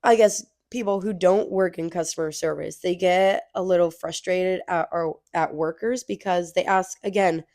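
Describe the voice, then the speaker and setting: A woman's voice: lowish voice, steady tone, normal speed, few pauses, darkish tone, dry recording, studio quality. A woman co-hosting a casual podcast, telling exasperated stories about customers from her work as a grocery crew member. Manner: storytelling with exasperated retellings of customers. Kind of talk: casual chat.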